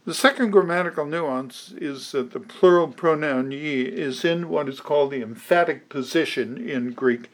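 Male preacher, slightly high voice, measured expository sermon, halting with ums. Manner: measured teaching delivery with frequent ums and restarts.

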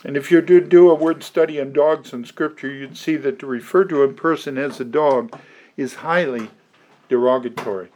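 A man preaching an expository sermon, slow and deliberate, with emphatic stresses and occasional restarts. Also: mid-range voice, darkish tone.

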